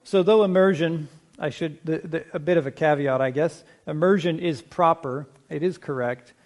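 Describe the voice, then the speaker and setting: A middle-aged man preaching a sermon as pastor, speaking in a measured, conversational way, slowing down to stress key points and asking the congregation questions. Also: fairly high pitch, darkish tone.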